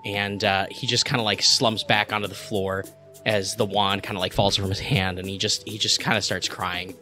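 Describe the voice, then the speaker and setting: A man's voice: fairly low pitch, flat delivery, normal speed, bright, forceful tone, faint music behind. A man narrating as game master, rambling with lots of filler words.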